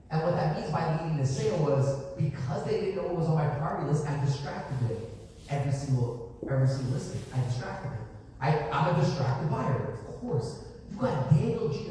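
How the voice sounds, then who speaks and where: A man's voice: a little high, dark tone, slight background noise. A man coaching salespeople in a punchy, emphatic style, repeating his points for effect. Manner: emphatic, punchy, repetitive asides. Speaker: sales trainer. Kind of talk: motivational sales coaching talk. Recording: echoey hall from far off, faint ambience.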